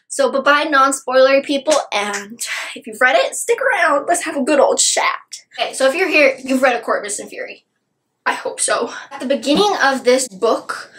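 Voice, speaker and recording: A young woman excitedly reviewing a book, gushing with exaggerated outrage. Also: a little high, poor audio.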